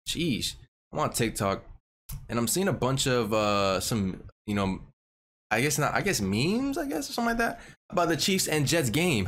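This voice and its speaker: Young male reaction host, mid-pitched, profane and slangy, rambles through football clips. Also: a bit bright, slight background noise. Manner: slangy and profane, says bro constantly; rambling with frequent restarts. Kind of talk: casual sports highlight reaction commentary.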